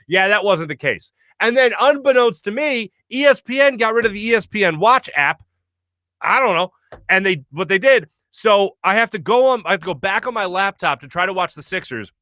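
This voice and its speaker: A man hosting his radio show, telling a story in a chatty, animated way full of fillers, recorded on a studio mic. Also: high voice, brisk, dry recording. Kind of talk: casual solo monologue.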